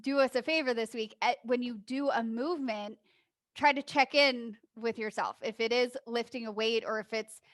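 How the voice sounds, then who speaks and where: A woman's voice: a little high, normal speed, no echo. A woman co-hosting a casual health podcast, agreeable and chatty, often backing up her partner. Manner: agreeable, backchannels, laughs often. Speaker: podcast co-host.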